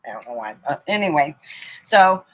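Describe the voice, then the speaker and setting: A woman's voice: low-pitched, big pitch swings, moderate pace, poor audio. A middle-aged woman telling rambling, profane comic stories from her own life and laughing at them as she goes. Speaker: comedian. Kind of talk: casual storytelling monologue.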